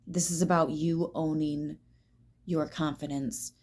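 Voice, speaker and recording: A woman giving a tarot reading, emphatic and swearing, dropping now and then into soft whispers. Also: lowish voice, steady tone, unhurried. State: teary at times. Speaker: tarot reader.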